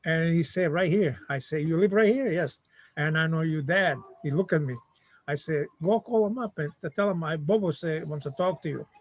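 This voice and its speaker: An older man from Montenegro with a Montenegrin accent, speaking halting non-native English in a casual chat and acting out the voices of the people in his stories. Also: on the high side, highs cut off. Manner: halting non-native English, acts out quoted voices while telling a story.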